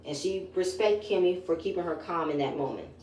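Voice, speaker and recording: A woman's voice: lowish voice, a little fast, a little mellow, muffled recording. A woman giving a chatty, opinionated recap of a reality show, retelling scenes in her own words. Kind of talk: casual episode review. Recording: echoey room.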